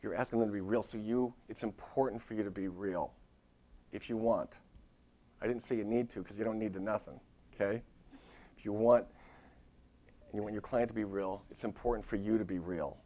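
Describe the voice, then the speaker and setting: A man's voice: on the low side, fairly even intonation, normal speed, long pauses, dark tone. A middle-aged man, a therapist giving a live lecture to other therapists, talking straight to the audience with emphatic repetition. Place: lecture room at a university.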